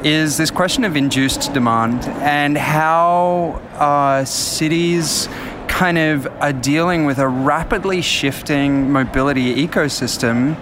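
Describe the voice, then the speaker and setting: A man's voice: a little high, takes it slowly. A man interviewing as a design strategist, hesitant and stammering as he builds his question. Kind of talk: conversational interview. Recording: traffic noise outdoors.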